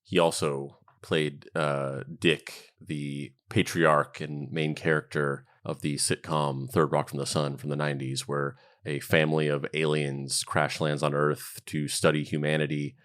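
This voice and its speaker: Podcast co-host, man, very low voice, loose and rambling delivery. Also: little pitch movement, unhurried, hardly any pauses, a bit bright. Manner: rambling, heavy on fillers and restarts. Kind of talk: casual chat.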